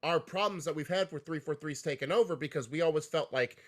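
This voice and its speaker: A man's voice: a little high, fast talker. A man co-hosting a casual gaming podcast, talking things through in long, winding sentences. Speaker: podcast co-host.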